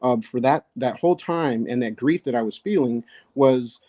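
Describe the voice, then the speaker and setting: Low-key, reflective man on a podcast. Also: mellow. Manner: halting, reflective, frequent restarts. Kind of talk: casual conversation. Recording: dull lo-fi sound.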